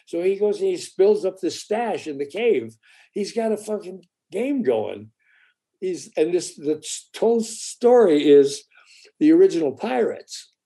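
A man's voice: high voice, a little slow. A man telling a story in casual chat, acting out the voices of his characters and swearing now and then. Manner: animated, acts out the voices of characters in his stories.

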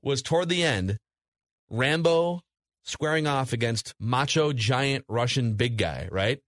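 A man co-hosting a casual movie podcast, retelling scenes in long animated stretches. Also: mid-range voice, takes it slowly, no echo, clean studio sound. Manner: animated storytelling, recaps scenes at length. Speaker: podcast co-host. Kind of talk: casual movie review chat.

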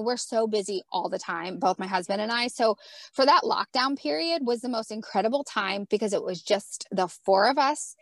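A woman's voice: mid-range voice, no echo. A woman in her thirties, a wrestler and guest, chatting casually and laughing often as she acts out what she said. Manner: lively, laughs often, acts out her own past remarks. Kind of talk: casual interview chat.

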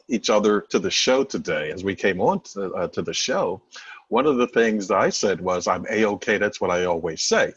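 A man, a body language expert, speaking as an interview guest over a video call in emphatic, measured phrasing. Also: on the low side, husky, no echo, dull audio. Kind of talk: conversational interview.

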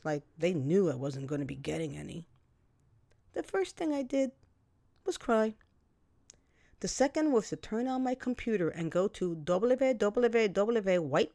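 Wry woman telling a story on radio. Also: medium pitch. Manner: wry, dramatic, acts out dialogue. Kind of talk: personal story told on radio. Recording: loud vehicle noise behind.

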